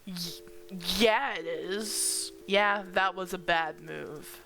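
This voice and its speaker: A woman's voice: on the low side, slow pace, gravelly. A woman doing casual gameplay commentary on a visual novel, blunt and swearing freely as she reacts. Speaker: let's play streamer. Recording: phone-like line with music behind.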